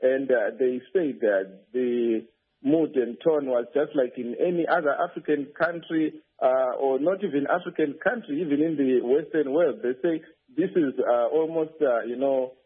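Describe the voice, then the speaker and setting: A man's voice: mid-range voice, moderate pace, breathy edge. A male field reporter phoning in a news report, speaking hesitantly with many fillers and restarts. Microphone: telephone. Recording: tinny phone line.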